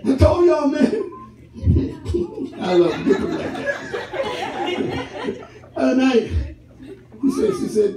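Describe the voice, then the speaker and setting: Man pastor, high animated voice, unhurried sermon delivery, recorded from a distance in an echoey church. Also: background noise. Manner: laughing, storytelling with call-and-response. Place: church sanctuary. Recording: roomy church hall, mic at a distance, congregation audible.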